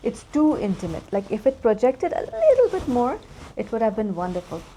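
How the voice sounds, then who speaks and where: A woman's voice: on the high side, huge pitch swings, fairly quick, dark tone, slight background noise. Chatty woman reviewing perfumes. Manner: chatty, rambling, distracted by her cat. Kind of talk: casual review vlog.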